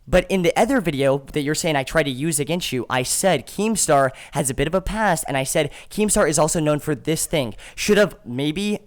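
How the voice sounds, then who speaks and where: Defensive, cursing man, slightly high voice. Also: expressive, brisk, hardly any pauses. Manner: defensive, swears constantly, stumbles over his words. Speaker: podcast guest. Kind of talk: heated argument on a podcast.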